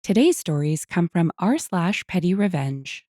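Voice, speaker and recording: A woman reading online stories gives a scripted, expressive narration, her pitch swinging in a lively, animated way as she slips wry asides between lines. She keeps a measured pace, and the recording is dry and close with no room sound.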